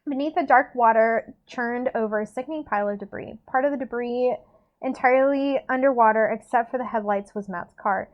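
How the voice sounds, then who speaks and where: A woman's voice: a little high, a little fast. Woman reading a novel aloud, stumbling. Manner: stumbles and corrects herself mid-line. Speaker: reader. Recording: dull lo-fi recording.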